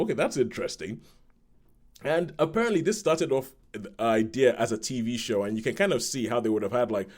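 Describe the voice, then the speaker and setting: A man's voice: mid-range voice, darkish tone. Rambling man reviewing a film. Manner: rambling, restarts often, acts out quotes. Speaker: podcast co-host. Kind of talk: casual film review chat.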